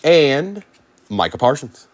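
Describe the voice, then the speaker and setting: Animated man calling a card break. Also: fairly high pitch. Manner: rapid-fire calling out of player names; chatty, talks to viewers by name. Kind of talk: live card break commentary.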